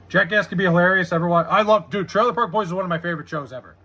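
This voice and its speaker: A man streaming live from home, talking casually to his chat. His voice sits high and sounds bright and a little husky. He swears freely and vents about the game. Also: very fast. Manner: profane, frustrated, reads chat aloud. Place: home room with TV.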